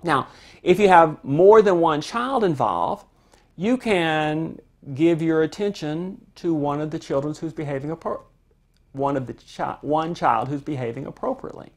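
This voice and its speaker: A parenting instructor giving a calm, conversational lesson, explaining with everyday family examples. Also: medium pitch, unhurried. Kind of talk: instructional talk to camera.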